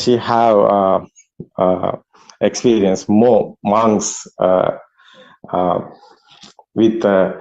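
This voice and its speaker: A man who is not a native English speaker hosts an online Buddhist meeting, talking haltingly with many fillers and laughs. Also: low voice, darkish tone. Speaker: meeting host. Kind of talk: casual online meeting talk. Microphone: video call. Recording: slightly dull video call audio.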